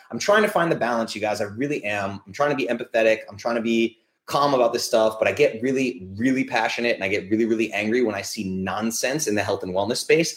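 A fired-up man hosts a live podcast from home, talking into his laptop with loose, energetic chatter. His pitch sits in an ordinary middle range, and he swings quickly into ranting and swearing when something annoys him. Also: echoey room. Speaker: podcast host and nutritional therapist. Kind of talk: casual live-stream chat. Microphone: laptop mic.

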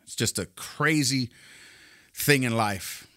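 A man's voice: medium pitch, slow, sharp tone, no echo, clean studio sound. A man hosting a motivational podcast as a life coach, upbeat and encouraging, a little out of breath. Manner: upbeat, encouraging, direct address.

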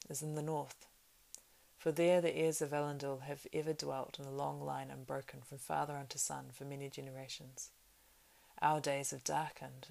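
A woman reading Aragorn, grave gravelly ranger. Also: sits low, a little mellow. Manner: measured, solemn reading. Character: weathered grave male ranger, heir of kings.

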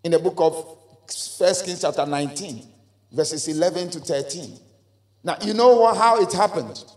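Male pastor, high voice, emphatic call-and-response sermon, echoey church hall. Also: moderate pace, a little mellow. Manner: emphatic call-and-response preaching with repeated phrases.

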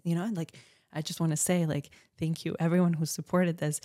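A woman's voice: low-pitched, level tone, fairly quick, few pauses, mellow, dry recording, studio quality. A woman from Colombia, a podcast guest, talking in an earnest, searching way with many restarts. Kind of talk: reflective conversation.

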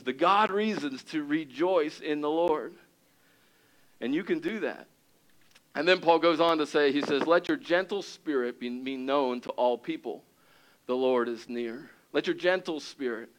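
A male pastor preaching a sermon, animated, acting out little scenes in an excited raised voice and dropping low for serious points. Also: rough recording.

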